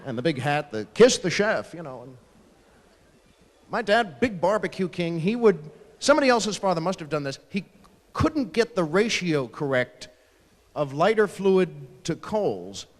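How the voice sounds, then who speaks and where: A man doing a stand-up routine on stage, slipping into the voices of his family members as he tells stories. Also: sits high. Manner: animated, acting out family members in quick asides. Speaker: stand-up comedian. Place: large ballroom stage at a live fundraiser. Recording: long hall reverb from a large ballroom.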